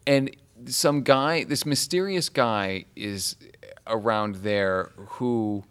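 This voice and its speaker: A man's voice: on the low side, slow pace, a bit bright, smooth. A man chatting casually, co-hosting a talk about a film, thinking aloud with restarts. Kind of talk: casual chat.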